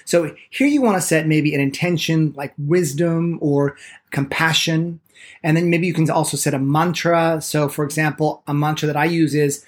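A man teaching a podcast lesson on meditation, enthusiastic and quick to speed up, acting out the excuses people give. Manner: enthusiastic, speeds up when excited; lively pitch, acts out people's excuses.

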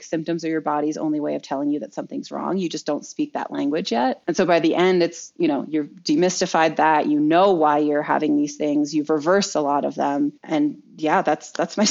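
A woman's voice: deep voice, vocal fry, a little mellow. A woman in her thirties, a holistic nutritionist guest, talking casually and telling her story with many "like" fillers. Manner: chatty, frequent "like" fillers. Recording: dull lo-fi audio.

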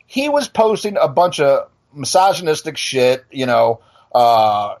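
A man's voice: medium pitch, very animated, measured pace, darkish tone. A middle-aged male podcast host on a blunt, profane rant, tripping into restarts as he talks. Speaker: podcast and radio show host. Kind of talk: heated casual rant.

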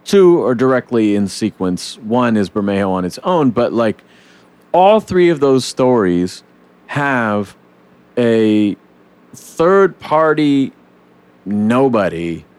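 A man's voice: medium pitch, slow, clean tone, dry recording. A man hosting a casual podcast chat, talking loosely with swearing and acting out scenes. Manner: animated, swears, acts out comic scenes in voices. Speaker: podcast host.

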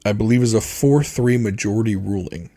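A gravelly, rough-edged male voice with a slightly low pitch. He co-hosts a casual podcast, talking things through in an opinionated, explanatory way, often pausing on fillers and restarting sentences. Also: warm tone. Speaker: podcast co-host. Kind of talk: casual chat.

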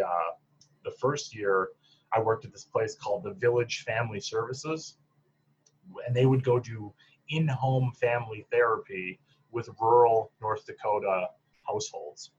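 A man's voice: on the low side, moderate pace, a little hiss or hum. A man, a psychologist telling stories in a casual interview, chatty and full of fillers. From Upper Peninsula of Michigan. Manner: chatty, lots of fillers, laughs at own stories. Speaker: psychologist guest. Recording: dull lo-fi sound.

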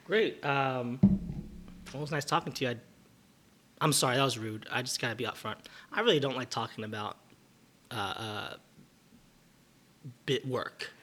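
A man's voice: mid-range voice, moderate pace, long pauses, pushed and bright, a little hiss or hum. A man improvising a scene at a bar, hesitant with many fillers and narrating his own moves. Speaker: improv performer.

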